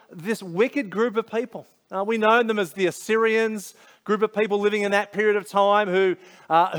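Aussie pastor, kinda high voice, chatty storyteller sermon. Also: male voice. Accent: Australian. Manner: conversational, storytelling, many asides.

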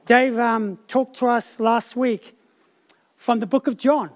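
A man's voice: extremely high pitch, steady tone, takes it slowly. A man preaching a sermon, telling a personal story with frequent restarts and repeated words.

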